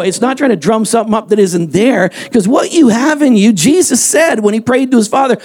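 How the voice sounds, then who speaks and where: A male pastor preaching a sermon in a church, emphatic and energetic, repeating his key lines. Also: sits high, a little fast, hardly any pauses. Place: church sanctuary, also streamed online.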